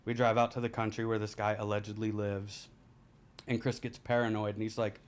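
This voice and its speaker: Candid storytelling man, laughing at dark moments. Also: on the low side, flat delivery, a little fast, clean tone. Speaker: podcast guest. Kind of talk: casual storytelling.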